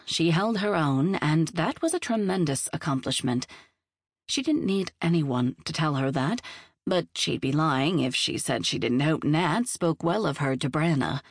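A woman reading a novel aloud in measured, even storytelling. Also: deep voice, no room sound, studio quality. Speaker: audiobook narrator. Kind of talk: scripted narration of a novel.

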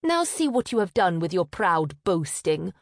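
A woman's voice: mid-range voice, expressive, measured pace, no echo, clean studio sound, close to an everyday voice. A woman voicing a proud, vain eldest sister who speaks sharply and impatiently.

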